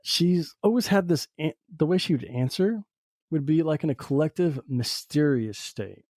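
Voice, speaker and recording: A man's voice: on the high side, expressive, normal speed, darkish tone, no room sound, clean studio sound. A man hosting a podcast, talking through a personal reflective monologue in a rambling way, full of "you know" fillers. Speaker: podcast host. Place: lives in Southern Oregon.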